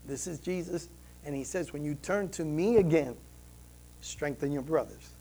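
A man preaching a sermon, telling a story earnestly and swinging between loud emphasis and hushed, quiet passages. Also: fairly high pitch, moderate pace, gravelly. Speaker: pastor.

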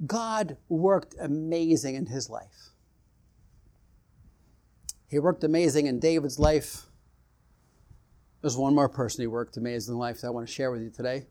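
A man's voice: medium pitch, moderate pace, long pauses, dark tone. A man preaching a sermon, retelling scripture stories and acting out the quoted exchanges, building in intensity as he goes.

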